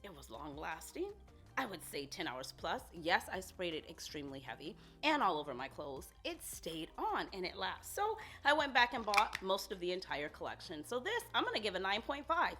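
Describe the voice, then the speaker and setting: A woman's voice: on the low side, sing-song, moderate pace, pushed and bright, soft background music. A woman reviewing fragrances in a casual vlog, gushing and talking straight to her viewers.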